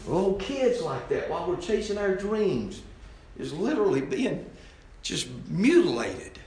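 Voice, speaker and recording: A man preaching a fiery sermon, jumping from loud outbursts to low, quiet asides. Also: sing-song, measured pace, vocal fry, a little hiss or hum. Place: church sanctuary. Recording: roomy church echo.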